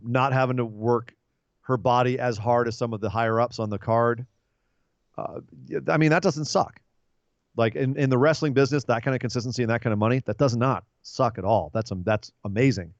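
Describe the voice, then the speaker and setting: A man's voice: medium pitch, no room sound, muffled recording. A man co-hosting a casual wrestling podcast, rambling and joking with lots of fillers. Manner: rambling, jokey, animated. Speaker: podcast co-host.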